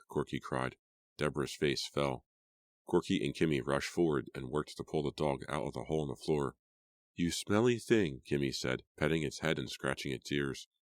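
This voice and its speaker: A man reads a horror novel aloud in a measured, steady way. His voice sits extremely low. The recording is close and dry, with no room sound. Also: no echo. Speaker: audiobook narrator. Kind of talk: scripted narration.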